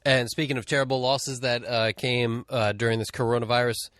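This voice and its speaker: A man's voice: mid-range voice, flat delivery, brisk, a bit bright, no room sound, clean studio sound. A man co-hosting a podcast from a record shop, speaking in a laid-back, jokey way and swearing casually. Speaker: podcast co-host. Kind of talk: casual chat. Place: record store.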